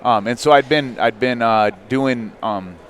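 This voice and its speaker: A man in his thirties, a podcast guest, telling a personal story in a candid, animated way with frequent fillers. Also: mid-range voice, unhurried, a crowd in the background. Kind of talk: casual storytelling.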